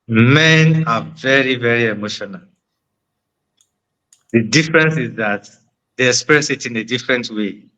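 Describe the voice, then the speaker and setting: A man's voice: medium pitch, measured pace, long pauses, bright, forceful tone, highs cut off. A man on a discussion panel, making his point earnestly and often repeating phrases. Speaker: panel guest.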